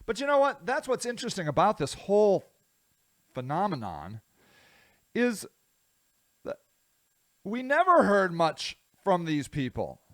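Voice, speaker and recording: A man from the United States talks slowly and casually to the camera, rambling along and poking fun at himself. His voice sits a little high for a man and jumps between quiet asides and loud bursts. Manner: rambling, self-deprecating, animated; voice swings widely in loudness. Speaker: vlogger, show host. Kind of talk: casual solo commentary.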